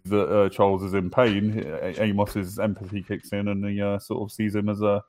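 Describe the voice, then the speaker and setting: A man's voice: on the low side, completely flat delivery, fairly quick, a little mellow, no room sound. A man from England co-hosting a podcast in casual, teasing chat. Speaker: podcast co-host.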